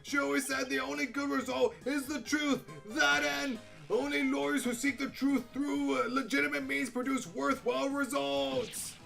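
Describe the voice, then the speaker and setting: A man voicing a loud, hyper-energetic young male student who boasts about being manly, shouting his lines while reading game dialogue. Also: extremely high pitch, normal speed, creaky, hardly any pauses, soft background music, voice pushed up, heavily acted. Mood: boisterous. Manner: shouting, boastful, over-the-top enthusiasm.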